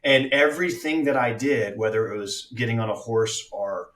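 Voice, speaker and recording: A man's voice: medium pitch, steady tone, normal speed, fairly bright tone, echoey room, recorded from a distance. A man speaking as an actor guest on a casual podcast, reflective, with many fillers and restarts.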